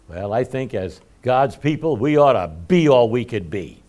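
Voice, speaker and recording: A man's voice: mid-range voice, big pitch swings, a little slow, darkish tone. A middle-aged man preaching a conversational sermon in a folksy, self-deprecating way, chuckling often. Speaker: pastor.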